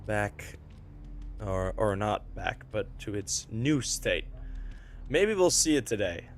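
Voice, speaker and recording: Relaxed male esports caster, faint music. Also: on the low side. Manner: relaxed, filler-heavy chatter during a tech pause. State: morning voice. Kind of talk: live esports commentary.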